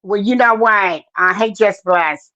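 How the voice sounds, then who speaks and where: A woman's voice: mid-range voice, a little slow, pushed and bright, dry recording. A woman hosting a podcast live stream in a casual, chatty way, full of fillers and greeting viewers by name. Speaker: podcast host. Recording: dry, dull lo-fi sound.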